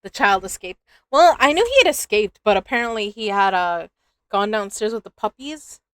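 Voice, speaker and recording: A woman's voice: mid-range voice, animated, normal speed, fairly bright tone, clean tone, dry recording. A woman in her twenties streaming and chatting casually, giggly and full of restarts, her throat dry and scratchy. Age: 20s. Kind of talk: casual live-stream chat.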